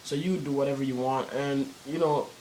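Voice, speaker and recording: A man's voice: mid-range voice, steady tone, normal speed, a little mellow, slight background noise, low-quality recording. A teenage boy telling a story in a casual vlog, rambling with many fillers and restarts and plenty of cursing. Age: teens. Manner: cursing, slangy.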